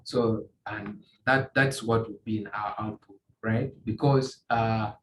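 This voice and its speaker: A man teaching a beginner's coding tutorial, walking through screen examples in a halting way, often repeating and restarting phrases. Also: lowish voice, steady tone. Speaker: tutorial instructor. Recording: echoey room, faint ambient noise.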